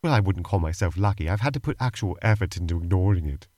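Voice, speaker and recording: A man's voice: low-pitched, lively intonation, fast talker, dark tone, dry recording. A man co-hosting a comedy show, answering his partner in a dry, skeptical, prim way. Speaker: co-host. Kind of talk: comedic improvised role-play banter.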